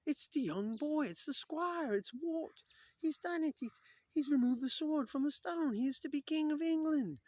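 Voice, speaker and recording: A man doing loud cheering knights, pitched high. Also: normal speed, dry recording. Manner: loud, excited, exclaiming. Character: crowd of boisterous medieval knights, cheering.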